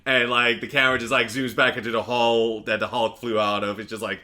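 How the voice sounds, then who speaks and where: A man's voice: mid-range voice, flat delivery, brisk, pushed and bright. A man in casual podcast chat, rambling through a movie recap with lots of fillers and laughs. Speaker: podcast co-host.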